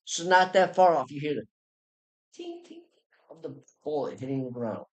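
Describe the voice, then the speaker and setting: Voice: mid-range voice, expressive, brisk, poor audio. A game master narrating a homebrew tabletop game in a casual, loose way, with restarts and mouth sound effects.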